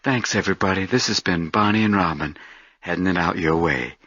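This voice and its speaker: A man's voice: low voice, fairly quick, fairly bright tone, no room sound. A man co-hosting a podcast, bantering playfully and jumping into voices. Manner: playful, jumps into voices and impressions. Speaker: podcast co-host. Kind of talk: comedic banter. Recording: dull lo-fi sound.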